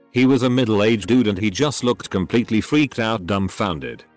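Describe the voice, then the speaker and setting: A man narrating online stories as scripted readings, in a lively, expressive way. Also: on the low side.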